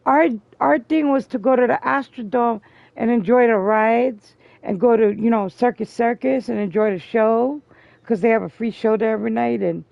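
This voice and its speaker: Gravelly woman telling a story, lo-fi. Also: normal speed, no room sound. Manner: profane, loud and high when quoting people. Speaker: streamer host. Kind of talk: casual storytelling chat. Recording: dull lo-fi stream audio.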